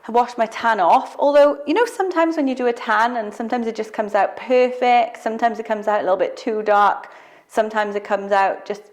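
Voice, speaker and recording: A woman's voice: a little high, fairly even intonation, a little fast. A young woman talking casually to camera in a vlog, chatty and rambling with a self-deprecating manner. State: out of breath after cardio. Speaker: vlogger.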